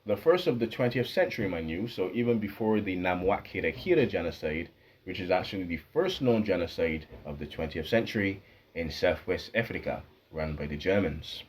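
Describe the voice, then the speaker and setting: Male history host, very deep voice, casual narration, rambling and thinking aloud. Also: moderate pace, slight background noise.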